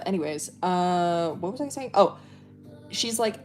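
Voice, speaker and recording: A woman's voice: lowish voice, a little slow, a little mellow. A young woman livestreaming, casually telling a rambling story with lots of fillers and swearing. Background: faint music playing.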